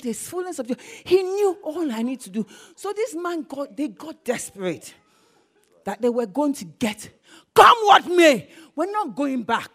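A married woman preaching a sermon, animated and swinging into bursts of shouting. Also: sits high. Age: adult, married.

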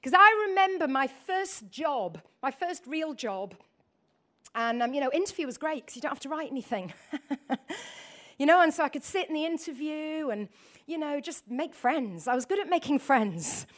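A middle-aged woman from the north of England delivers a lively sermon, her voice sitting high and bright. She talks straight to the congregation, throws out questions and drifts into chatty personal asides. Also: normal speed. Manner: animated, asks the audience questions, chatty asides. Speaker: preacher.

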